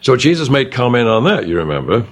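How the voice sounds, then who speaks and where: A man's voice: very animated, fast, slight background noise. An older man teaching a Bible study in a conversational way, reading scripture aloud and commenting on it. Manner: reads scripture aloud and comments, rising in pitch on questions.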